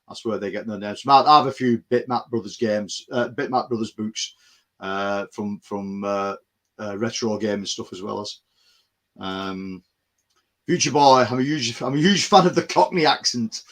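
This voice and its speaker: A man's voice: lowish voice, normal speed, fairly bright tone. A man from the North West of England, chatting casually on a podcast co-hosting, rambling with plenty of ums. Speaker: podcast co-host. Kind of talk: casual chat.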